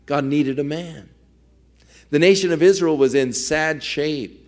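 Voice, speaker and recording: A man's voice: fairly high pitch, a little slow, a little mellow. Earnest male preacher. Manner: earnest storytelling, acting out quoted dialogue. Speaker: pastor. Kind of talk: sermon.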